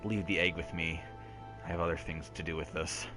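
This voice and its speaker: Solemn formal game quest-giver, a guy reading it out, measured and kinda low, soft music behind. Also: fairly even intonation, lightly acted.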